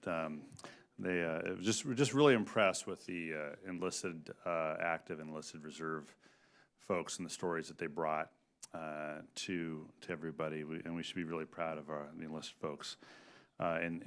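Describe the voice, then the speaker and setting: Deep, clear-voiced congressman questioning witnesses. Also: fairly bright tone. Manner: halting, many fillers and restarts, folksy. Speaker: congressman questioning a hearing panel. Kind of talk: committee hearing questioning. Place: hearing room.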